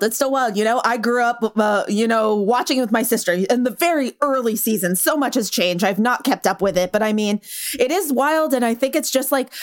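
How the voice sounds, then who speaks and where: A woman co-hosting a news podcast, chatty and giggly in casual banter. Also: fairly high pitch. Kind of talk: casual chat and show intro.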